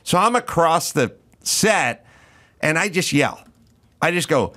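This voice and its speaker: A man's voice: fairly high pitch, animated, unhurried, bright, forceful tone. A man hosting a podcast, telling a comic story in a profane, ranting way. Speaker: podcast host. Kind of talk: comedic storytelling chat.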